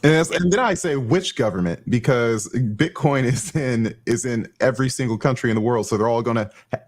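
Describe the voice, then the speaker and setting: A man co-hosting a casual chat, explaining his points in a measured way with some fillers. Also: medium pitch.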